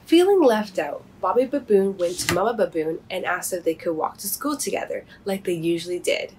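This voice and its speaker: A woman reading her children's picture book aloud, gently and expressively. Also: lowish voice, expressive, brisk, slight background noise, low-quality recording. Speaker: storybook reader and author.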